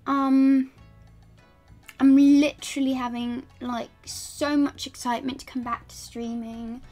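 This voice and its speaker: A high, unhurried voice in a playful mock British accent, as a woman streamer puts it on. The greeting sounds exaggerated and formal, with faint music behind it. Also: little pitch movement, mellow.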